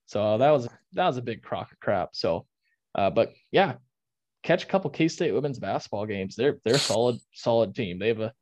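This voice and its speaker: A young man talks sports on a podcast in a fired-up, ranting way, tripping over his own restarts. His voice sits at an ordinary pitch. It comes through a dull, lo-fi mic in a dry room. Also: expressive, normal speed, darkish tone, dry recording. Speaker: podcast co-host. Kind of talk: casual sports chat.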